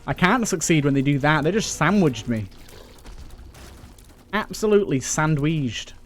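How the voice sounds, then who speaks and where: A man's voice: on the high side, expressive, measured pace. A young man giving casual, joking commentary while he plays a video game, grumbling and swearing at it. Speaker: let's play gamer.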